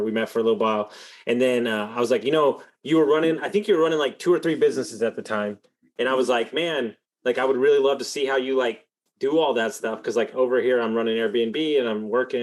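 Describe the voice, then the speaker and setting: A man hosting a podcast, telling a story in a rambling, animated way, full of fillers and swearing. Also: mid-range voice. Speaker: podcast host. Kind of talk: casual storytelling in an interview.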